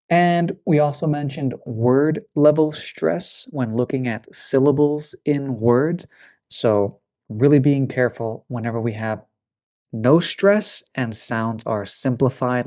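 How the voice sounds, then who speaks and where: A man with an American accent leads a pronunciation review at an unhurried pace. He sounds out words with care and repeats the practice drills. His voice sits at a middle pitch. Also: a little mellow. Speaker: pronunciation teacher. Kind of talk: review lesson, modeling sounds.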